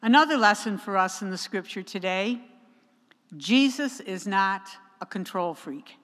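A woman delivers a sermon at an unhurried, deliberate pace, leaning on each phrase with measured pauses. Her voice is bright and forceful. A long church reverb trails behind every line. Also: mid-range voice, expressive. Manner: slow and emphatic, with measured pauses. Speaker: preacher.

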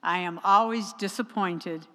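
A woman delivers a sermon at an unhurried, deliberate pace, leaning on each phrase with measured pauses. Her voice is bright and forceful. A long church reverb trails behind every line. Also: lowish voice. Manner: slow and emphatic, with measured pauses. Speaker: preacher.

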